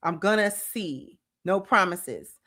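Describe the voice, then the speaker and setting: A woman's voice: lowish voice, animated, slow, pushed and bright. A woman host giving casual, colloquial commentary and speaking directly to her viewers.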